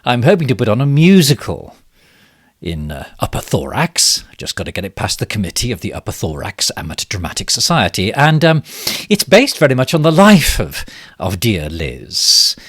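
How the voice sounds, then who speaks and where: An actor playing a pompous, smug and bumbling male government minister in a comic monologue, with a posh, self-satisfied delivery and sudden leaps in pitch. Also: big pitch swings, normal speed, no echo, clean studio sound. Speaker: satirical character monologue. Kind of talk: comic monologue as a fake live stream.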